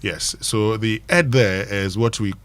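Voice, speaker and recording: Ghanaian male morning show host, low-ish voice, chatty and explanatory. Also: unhurried, a bit bright. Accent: Ghanaian English. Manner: explanatory, laughs often between points. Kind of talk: radio morning show chat and pronunciation segment. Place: radio studio.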